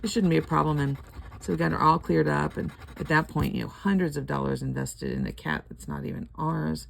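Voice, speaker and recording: Grandma type rambling about her day, really gravelly and raspy, laughs a lot. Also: sits low, expressive, a little fast. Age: older. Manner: chatty, rambling, laughs often. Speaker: lottery scratch-off vlogger. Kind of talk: casual chat while scratching tickets. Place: home.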